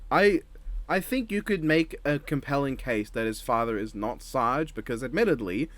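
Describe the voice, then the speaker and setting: A man's voice: mid-range voice, expressive, moderate pace, fairly bright tone, no room sound. A man chatting playfully as a podcast guest who keeps slipping into joke voices. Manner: playful, drops into silly voices. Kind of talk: casual chat.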